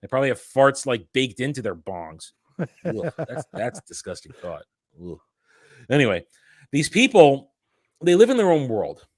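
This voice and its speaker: Male commentary host, animated ranting delivery, dry close mic, mid pitch. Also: moderate pace, dry recording. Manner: ranting, animated, frequent restarts. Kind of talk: casual commentary chat.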